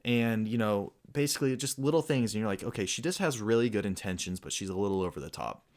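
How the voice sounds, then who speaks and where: A man's voice: lowish voice, quick pace. A young man co-hosting a podcast, telling a long story in casual chat and acting out the quotes. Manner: rambling, animated storyteller who acts out quotes. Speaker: podcast co-host.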